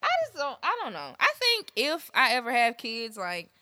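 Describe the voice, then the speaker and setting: A young adult woman co-hosts a podcast, chatting casually in a blunt, animated, profanity-laced style. Her voice is a little high and her speed normal, recorded dry with clean studio sound.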